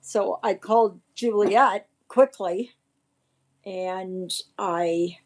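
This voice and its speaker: Slow-talking woman rambling on a livestream. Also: medium pitch. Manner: rambling, shaken and indignant. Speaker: livestream host. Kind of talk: casual livestream chat.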